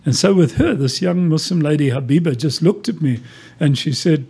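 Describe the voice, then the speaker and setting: A man's voice: a little high, expressive, moderate pace, mellow, husky. A man preaching a sermon who tells stories and asks rhetorical questions. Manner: storytelling, rhetorical questions, many quoted exchanges.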